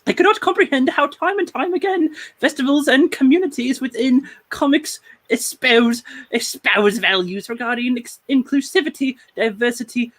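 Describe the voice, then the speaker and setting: A man putting on a high, mock-posh British woman's voice to read a protest statement aloud. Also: drawn-out words, long pauses, heavily acted. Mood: indignant.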